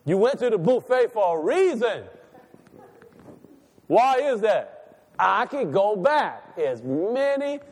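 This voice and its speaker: A man's voice: sits high, sing-song, slow pace, pauses often, darkish tone. A man a sermon in a sanctuary, folksy and conversational, rising into impassioned calls. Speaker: preacher. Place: church sanctuary. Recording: long reverb of a church hall.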